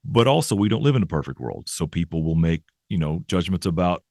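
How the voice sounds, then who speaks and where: A man's voice: sits low, big pitch swings, fairly quick, darkish tone, no echo, studio quality. A man, a professor guest in an interview, explaining ideas thoughtfully with frequent restarts and "right?" tags. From American South.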